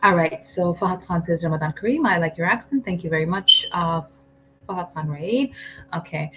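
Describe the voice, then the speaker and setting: Woman english teacher on a live stream, lowish voice, reads comments, says um a lot, faint hum behind. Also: expressive, fairly quick, lo-fi sound. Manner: chatty, firm, with frequent ums. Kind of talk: live-stream lesson reading out viewer comments.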